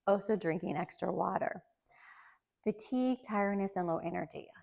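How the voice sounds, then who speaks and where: A woman's voice: medium pitch, normal speed, creaky, darkish tone. A woman around fifty talking casually, sharing her own experiences and tips with a light laugh now and then. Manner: chatty, laughs lightly between points; shares personal experiences with listeners. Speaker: vlogger. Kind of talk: casual chat.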